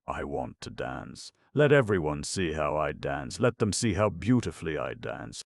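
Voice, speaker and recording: In a dry, close recording, a reckless young woman pleads in a high, strained, breathless voice, as a deep-voiced man reads her out. She sounds tipsy and imploring, and a gravelly edge runs underneath. It plays like a storybook reading. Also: big pitch swings, normal speed, no room sound, exaggerated voice. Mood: drunk, giddy.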